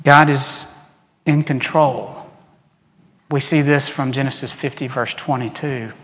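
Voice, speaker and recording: A man preaching a sermon as pastor, animated, acting out quoted voices and dropping to soft, earnest tones. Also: mid-range voice, a little slow. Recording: long reverb in a large hall.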